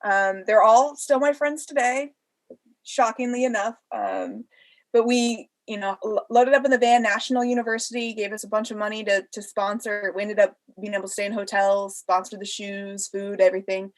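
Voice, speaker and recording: A woman's voice: medium pitch, fairly even intonation, moderate pace. A pregnant woman telling stories in a casual podcast interview, laughing often and acting out the voices of people she quotes. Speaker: interview guest.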